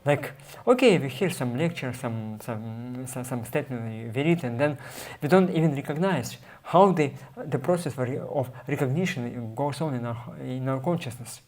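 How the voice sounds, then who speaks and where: Man teaching scripture, halting. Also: medium pitch, lively intonation, darkish tone. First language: Russian. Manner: halting, many fillers and restarts, reads passages aloud then explains. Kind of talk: explanatory scripture class.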